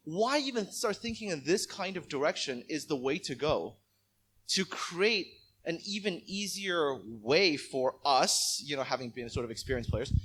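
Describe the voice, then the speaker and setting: Casual man at a summit Q&A, exasperated, laughs often, slightly high voice. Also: fairly bright tone, husky. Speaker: community contributor asking a question. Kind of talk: conference Q&A question. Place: conference hall.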